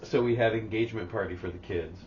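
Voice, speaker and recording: A man's voice: fairly low pitch, fast, a little mellow. An older man co-hosting a podcast in casual chat, laid-back and joking. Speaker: podcast co-host. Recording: distant, muffled mic with faint noise.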